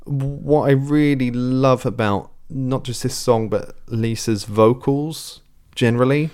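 A man's voice: mid-range voice, slow, a little mellow, clean tone. A young man casually reviewing a song, talking at length in a rambling, thoughtful way. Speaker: music podcast co-host. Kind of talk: casual music review chat.

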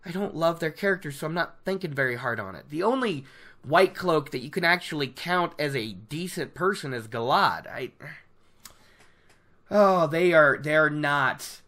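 A host giving a casual book recap, animated and opinionated, laughing often. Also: medium pitch, moderate pace.

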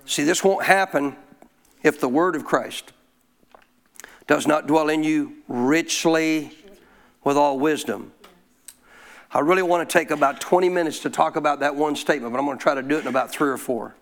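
Middle-aged man, pastor, high voice, punchy call-and-response preaching. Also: normal speed, pauses often. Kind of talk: sermon.

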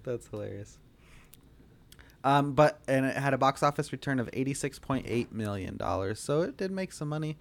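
A man's voice: mid-range voice, lively intonation, moderate pace, gravelly. A man hosting a casual movie podcast, laughing easily and talking with many fillers. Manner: laughs often, loose with fillers. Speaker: podcast host.

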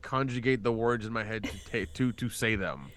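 A man's voice: fairly low pitch, moderate pace, a bit bright. Male podcast co-host; loose, profane, laughing banter full of restarts. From American South. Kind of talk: casual chat.

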